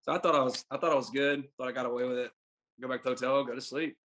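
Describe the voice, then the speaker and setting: Fast-talking young man telling a story. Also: mid-range voice, steady tone, fairly bright tone, slight background noise. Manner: rambling, filler-heavy anecdote with acted-out dialogue. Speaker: podcast guest, baseball pitcher. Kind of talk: casual storytelling.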